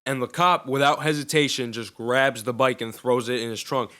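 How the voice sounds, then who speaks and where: A man's voice: medium pitch, steady tone, normal speed, bright, forceful tone. A young man casually telling a personal story in loose, profane, slangy talk.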